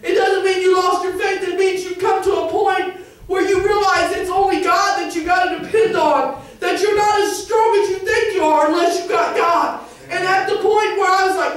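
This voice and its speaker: A woman with a Southern Illinois accent giving an earnest church testimony, halting and restarting, rising into fervent cries. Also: very high-pitched, fairly even intonation, distant mic. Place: church sanctuary. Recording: very echoey church, recorded from afar.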